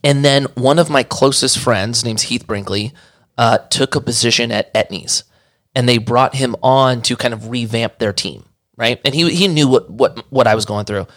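A middle-aged man telling his story in casual talk, animated, often acting out what others said. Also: medium pitch, normal speed. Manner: animated, acts out quoted dialogue. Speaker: guest.

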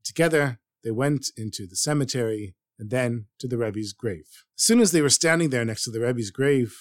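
A man narrating a story in an earnest, expressive storytelling manner. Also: mid-range voice, moderate pace, dry recording, clean studio sound.

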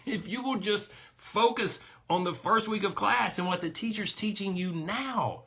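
A man's voice: high voice, unhurried, vocal fry, few pauses, sharp tone. A man coaching a weight loss group, talking energetically and emphatically to his listeners.

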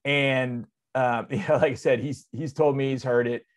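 A man in his forties, a sports radio host, telling a story on air in a loose, excitable, conversational way. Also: moderate pace. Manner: animated, excitable storyteller with big swings in loudness and pitch; conversational, drops into loose asides.

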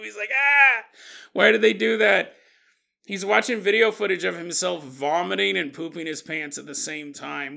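Man, podcast host, comedic storytelling, high voice, gravelly, chuckles often. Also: pushed and bright. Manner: chuckling, jokey asides.

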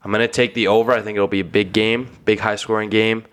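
A young man co-hosting a podcast, talking in a laid-back, casual way with easy swearing and drawn-out fillers. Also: lowish voice, level tone, a bit bright. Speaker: podcast co-host. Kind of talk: casual chat.

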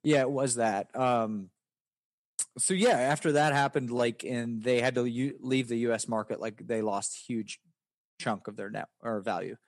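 A man's voice: mid-range voice, fairly even intonation, measured pace, no room sound, studio quality. A man from West Virginia with a Southern accent, a poker player answering interview questions in a rambling, casual way. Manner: rambling, many restarts and fillers.

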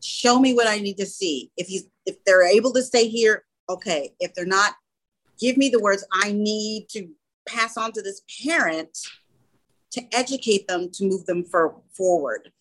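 A woman's voice: mid-range voice, moderate pace, fairly bright tone, poor audio. A woman who runs a small school, speaking in a casual interview and telling earnest stories full of quoted dialogue. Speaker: small school or daycare founder.

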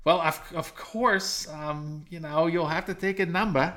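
A man's voice: a little high, fairly even intonation, a little slow, fairly bright tone, pitched above the performer's own voice. A man voicing a fussy, middle-aged small-town woman nurse with a New England accent. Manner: flustered, bureaucratic.

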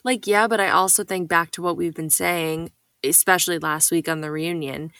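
Bright, gravelly-voiced gossiping woman. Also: lowish voice, normal speed, dry recording. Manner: animated, gossipy, swears casually. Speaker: podcast co-host. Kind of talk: casual chat about reality TV.

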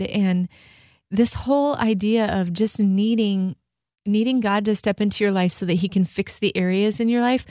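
A woman's voice: mid-range voice, darkish tone, dry recording. Earnest female co-host, dry close sound. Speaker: podcast co-host. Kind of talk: casual reflective chat.

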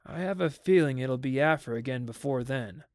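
A man voicing an anxious, stern father in a dramatic audiobook reading, his exasperation rising into sharp outbursts. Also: mid-range voice, moderate pace, no room sound, studio quality, close to an everyday voice. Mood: uneasy.

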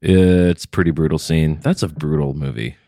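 A man co-hosting a casual chat, with crude, dark jokes. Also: very deep voice, steady tone, moderate pace, dry recording, clean studio sound.

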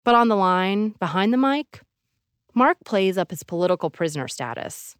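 A woman hosting a podcast, giving measured, dramatic scripted narration. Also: mid-range voice, lively intonation, smooth, dry recording, clean studio sound. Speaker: podcast host.

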